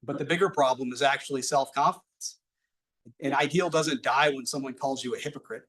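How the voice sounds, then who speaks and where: A man delivering prepared closing remarks at a panel, in an earnest, measured way. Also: medium pitch, a bit bright, rough recording. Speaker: panel speaker.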